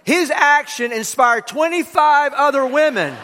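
A man's voice: very high voice, a little slow, bright, forceful tone, in a large hall, a little hiss or hum. A man preaching a sermon to his congregation, who leads them in repeating key lines aloud. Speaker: pastor. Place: church sanctuary.

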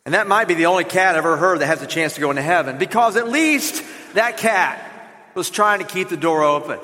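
A man with a Southern American accent preaching a lively, joking sermon to his congregation in a church. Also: high-pitched, brisk, big-room sound. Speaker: pastor. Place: church sanctuary.

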